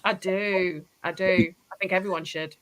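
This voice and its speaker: A woman's voice: fairly low pitch, normal speed, poor audio. A woman from southern England, a historian guest, chatting enthusiastically on a talk show. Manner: enthusiastic, animated storytelling. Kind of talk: casual interview chat.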